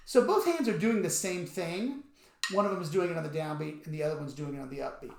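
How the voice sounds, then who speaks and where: A drum teacher with a highish, creaky voice talks quickly, calling out strokes and counts as he plays through an instructional demonstration. Loud music sits behind him, and the room echoes with sharp stick clicks on a practice pad.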